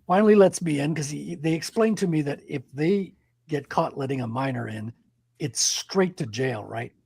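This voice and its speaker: French canadian guy in his 40s, raspy kinda husky voice, rambling through a story on a podcast. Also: on the high side, expressive, normal speed, a little mellow. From Quebec, Canada. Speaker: podcast host. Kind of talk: casual chat.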